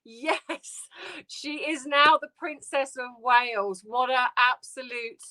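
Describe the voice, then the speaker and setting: A woman hosting a live stream, grieving and close to tears, talking haltingly and greeting viewers by name. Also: high voice, steady tone, sharp tone. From United Kingdom. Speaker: livestream host. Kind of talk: emotional casual livestream chat.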